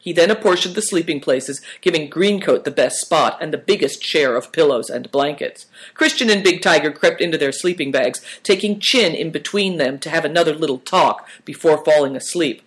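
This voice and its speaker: A reader narrating a storybook in a calm, even voice. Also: mid-range voice, normal speed, hardly any pauses.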